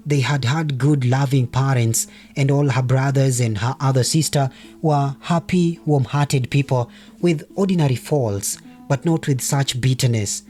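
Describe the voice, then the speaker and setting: A man narrating a novel as an audiobook, in a measured, steady storytelling voice. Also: medium pitch.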